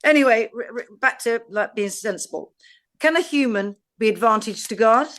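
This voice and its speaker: A woman with an English accent, co-hosting a podcast and reading scripture aloud in a measured, deliberate way. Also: fairly high pitch, expressive, a bit bright. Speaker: podcast co-host.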